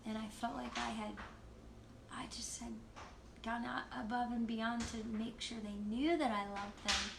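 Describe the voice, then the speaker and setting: A woman leading worship on a livestream, sharing a personal testimony in a candid, halting way with frequent laughs. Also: on the high side, fairly even intonation, gravelly, slight background noise. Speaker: worship leader. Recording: roomy echo with loud guitar. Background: guitar music.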